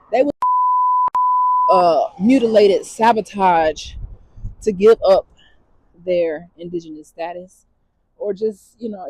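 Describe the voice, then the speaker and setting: A woman speaks straight to her camera in a casual, emphatic rant that circles back to the same points. Her voice is dark and slightly husky. The sound is dry and close, with no room echo. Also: medium pitch. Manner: blunt, emphatic, repeats points. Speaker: vlogger.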